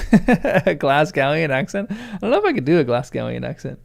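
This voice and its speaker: A man's voice: on the high side, sing-song, normal speed, vocal fry. A man reading a novel aloud for the first time, breaking off for laughing, self-deprecating asides. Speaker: first-time book reader.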